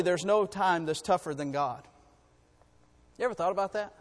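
A man, preaching a folksy sermon that rises to fervent shouting. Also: high voice, moderate pace, pauses often, in a large hall.

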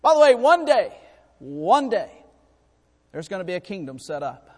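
A man preaching a sermon, emphatic and repetitive, his voice climbing louder and higher to drive home points. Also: big pitch swings, moderate pace. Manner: emphatic, rises in pitch and volume for rhetorical points; repeats and restarts words while preaching. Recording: long hall reverb.

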